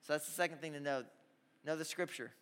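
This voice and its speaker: Energetic young preacher in a reverberant hall. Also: male voice, on the high side, fast, smooth. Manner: energetic storytelling with audience call-outs. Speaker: youth pastor. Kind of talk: sermon.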